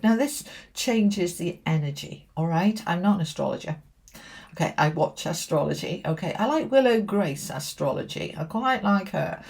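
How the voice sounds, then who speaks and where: A woman's voice: on the low side, a little mellow. A woman giving a chatty tarot reading to camera in a friendly way, often saying "okay" and "all right". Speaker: tarot reader.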